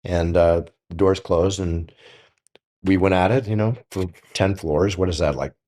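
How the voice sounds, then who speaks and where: An older man telling stories on a podcast in a casual, animated way, acting out the dialogue. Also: low voice, unhurried. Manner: animated, acts out quoted dialogue. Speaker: guest storyteller.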